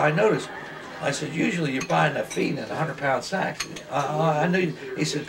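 A man's voice: a little high, vocal fry. An older man telling folksy, rambling stories at a lunch table, acting out the voices of the people in them. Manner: folksy rambling anecdotes, acts out quoted voices. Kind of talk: casual storytelling at a lunch table. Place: home dining table during a meal. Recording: distant mic at a noisy table. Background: cutlery and dishes clinking, other people around.

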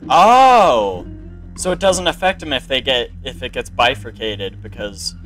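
An excitable man giving casual commentary while playing a video card game, reading its text aloud as he goes. His pitch leaps around a lot while the pace stays unhurried. Faint game music runs behind him. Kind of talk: casual let's-play commentary.

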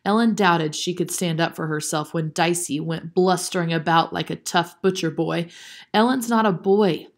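Woman narrating a storybook, low voice. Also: fairly even intonation, moderate pace, few pauses. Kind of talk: storybook read-aloud narration.

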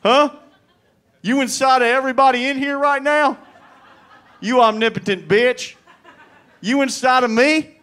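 A man voicing a loud, brash, hot-tempered redneck man who shouts his defiance in a belligerent drawl. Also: high-pitched, moderate pace, pauses often, pitched above the performer's own voice.

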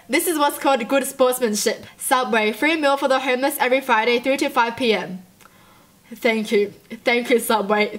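A woman's voice: sits high, a bit bright. A young woman from Australia hosting a reaction video, gushing sentimentally and laughing often. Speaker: YouTube reaction host. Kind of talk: emotional reaction commentary.

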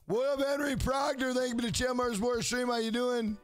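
A man's voice: very high-pitched, fairly quick. A man streaming a game live, cursing and trash-talking the screen, and greeting and thanking viewers in the chat. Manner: profane, excitable trash talk at the screen. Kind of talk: live-streamed gameplay commentary. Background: game music.

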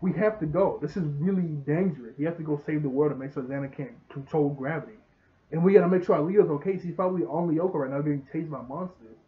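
A man's voice: on the high side, fast talker. A young man, rambling through a casual episode recap and acting out the characters' lines. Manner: rambling, laughs often, acts out dialogue. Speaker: show reviewer. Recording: tinny phone-like sound.

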